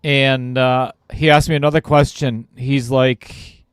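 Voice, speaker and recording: A man's voice: medium pitch, level tone, slow, smooth, no echo, studio quality. A man commentating on a pool stream, telling a casual, self-deprecating story about himself and laughing at it. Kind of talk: casual anecdote told on air.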